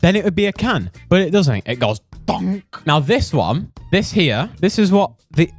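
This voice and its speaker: A man's voice: high-pitched, big pitch swings, moderate pace, dry recording, faint music behind. A young British man doing comedic, mock-outraged ranting commentary as a streamer, swearing and exaggerating. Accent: British English. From United Kingdom. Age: young adult.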